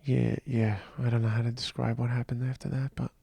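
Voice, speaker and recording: A man speaks into a close podcast mic in a tired, reflective monologue, often pausing and restarting. His voice is gravelly with plenty of fry. The sound is dry, with no room around it. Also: mid-range voice, little pitch movement, warm tone, dry recording. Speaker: podcast host. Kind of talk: personal monologue.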